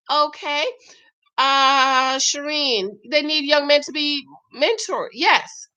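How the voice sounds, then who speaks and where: A woman's voice: sits high, pushed and bright. A woman vlogger chatting casually while reading viewer comments, emphatic and talkative, often adding "okay?". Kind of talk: casual live-stream chat.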